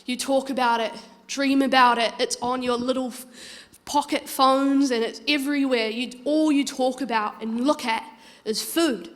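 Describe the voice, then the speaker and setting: A preacher putting on a scornful village woman scolding a foreigner, her voice fairly high and pointed. A long reverb hangs around every phrase. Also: fairly even intonation, moderate pace, natural voice. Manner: scornful, lecturing. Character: scoffing village woman at a market altar.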